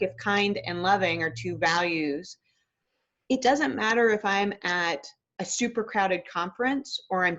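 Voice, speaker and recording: A woman's voice: mid-range voice, highs cut off. A woman clinical psychologist, a guest in a casual webinar conversation over a video call, speaking in a thoughtful, earnest and reflective way.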